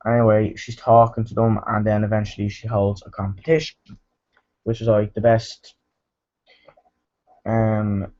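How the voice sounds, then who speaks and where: A man's voice: fairly low pitch, monotone, a little slow, long pauses, a little mellow, dull audio. A man giving a casual, rambling movie review, full of fillers and restarts.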